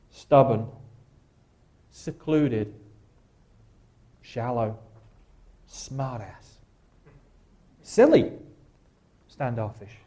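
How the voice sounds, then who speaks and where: A man, a guest speaker at a church, leading a slow guided reflection with a wry, gentle humor. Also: mid-range voice. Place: church sanctuary.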